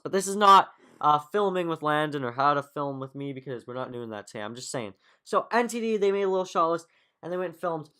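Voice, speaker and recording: A man's voice: mid-range voice, fairly bright tone, clear, resonant tone. A man hosting a podcast, reviewing in a loose, rambling way full of fillers and offhand jokes. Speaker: podcast host. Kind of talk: casual review monologue.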